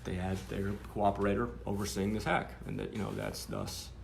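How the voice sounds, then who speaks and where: A man's voice: on the low side, sing-song, normal speed, creaky, slight background noise. A man telling a story to camera in a sardonic, rambling way, with many fillers.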